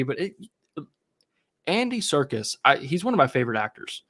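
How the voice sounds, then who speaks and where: A man's voice: medium pitch, big pitch swings, normal speed, sharp tone. A man with a mid-range voice co-hosts a casual live-stream film chat. He rambles and circles around his points, trading thoughts with his partner. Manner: rambling, many fillers and restarts. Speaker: podcast co-host.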